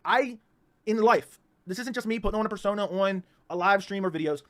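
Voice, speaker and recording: A man's voice: high-pitched, a bit bright. A man hosting his own livestream, ranting heatedly and repeating himself, with frequent stumbling restarts. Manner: rapid, repetitive, stumbling restarts. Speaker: livestream host.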